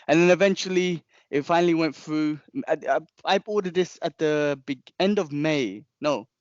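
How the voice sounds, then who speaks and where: A young man, a podcast co-host telling a long story in casual chat, animated and rambling, with frequent restarts and slang. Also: on the high side, normal speed, no room sound, muffled recording.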